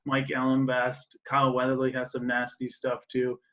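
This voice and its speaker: A man hosting an interview, asking questions in a loose, halting way with frequent "uh"s. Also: medium pitch, completely flat delivery, a bit bright. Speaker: interviewer, team staff host. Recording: slightly dull, lo-fi sound.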